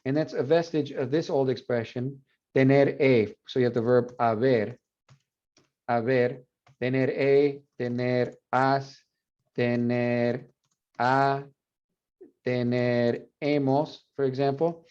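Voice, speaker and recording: Mellow-voiced man lecturing, dull recording. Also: mid-range voice, slow pace, clean tone. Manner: animated, switches between English and Spanish, repeats words aloud as demonstration. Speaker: Spanish professor. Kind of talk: university lecture.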